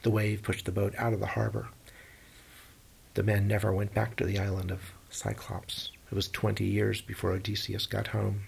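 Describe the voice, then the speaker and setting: A man telling an old myth aloud in plain, animated, folksy storytelling. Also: fairly low pitch, moderate pace, creaky, a little hiss or hum. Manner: animated, plain-spoken retelling with folksy phrasing.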